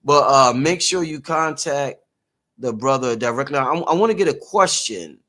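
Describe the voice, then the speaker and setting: A man hosting a live-streamed interview, energetic and chatty, calling out to viewers as y'all. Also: mid-range voice, normal speed. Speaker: host.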